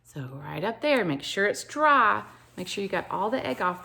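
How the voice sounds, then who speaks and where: A woman leading a children's activity lesson, animated and talking straight to the kids. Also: mid-range voice, normal speed, gravelly. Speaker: children's teacher.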